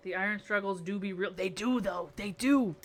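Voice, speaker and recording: A woman's voice: mid-range voice, normal speed. A woman streamer chatting casually with her viewers and talking to herself as she builds in a game, playful and rambling. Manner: chatty, talks to herself and chat, playful muttering.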